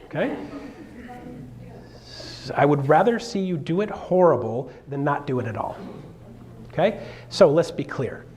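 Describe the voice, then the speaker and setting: A man coaching a live seminar audience in an animated, jokey way, acting out quotes in a raised voice. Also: fairly high pitch, measured pace, long pauses. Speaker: real estate coach. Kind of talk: energetic seminar talk.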